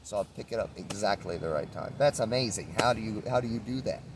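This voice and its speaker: A man's voice: fairly low pitch, quick pace, background noise. A man rambling in a laid-back spiritual monologue while traveling, swearing now and then. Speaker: traveling vlogger. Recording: outdoor street recording from a distance.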